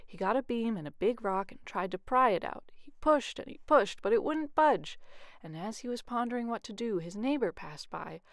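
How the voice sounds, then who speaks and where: Woman, bedtime storyteller, expressive with hushed stretches, dry sound. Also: fairly high pitch, normal speed, no room sound. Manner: expressive, often hushed narration. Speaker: youth ministry coordinator.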